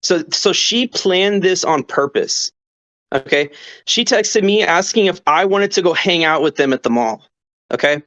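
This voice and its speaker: A man's voice: high-pitched, expressive, a little slow, fairly bright tone. A young man co-hosting a podcast, telling a story in a rambling, casual way and checking in with his listeners as he goes. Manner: rambling, keeps checking in with "okay?". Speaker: podcast co-host. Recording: dull lo-fi audio.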